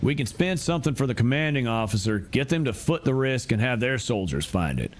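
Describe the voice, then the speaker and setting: A man's voice: medium pitch, very animated, fairly quick, lightly acted. A man voicing a male conspirator with a put-on German accent, reading game dialogue aloud. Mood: conspiratorial.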